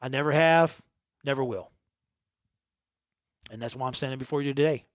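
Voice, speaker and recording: A man's voice: medium pitch, moderate pace, no echo, clean studio sound. A man hosting his own sports channel, speaking in a raw, unedited, emphatic and emotional monologue to his viewers. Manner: emphatic, repetitive, earnest and emotional. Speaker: host of a sports talk channel.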